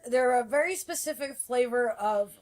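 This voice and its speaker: A woman's voice: fairly high pitch, normal speed, a little mellow. A young woman from New Jersey telling a rambling, profanity-laced story as she co-hosts a casual podcast chat. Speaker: podcast co-host.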